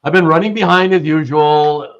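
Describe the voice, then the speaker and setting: A man hosting a live online sale, his voice sitting a bit high. He rambles cheerfully, reads out viewers' names and jokes with his guest. The stream audio is slightly dull and lo-fi. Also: normal speed. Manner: chatty, laughs often, reads chat aloud. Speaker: livestream host. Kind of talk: casual live-stream chat.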